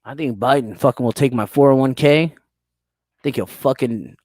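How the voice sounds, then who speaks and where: In dry, clean studio sound, a young American podcast host chats crudely and teasingly while reading live chat, laughing often. He has a mid-range, slightly mellow voice and a moderate pace.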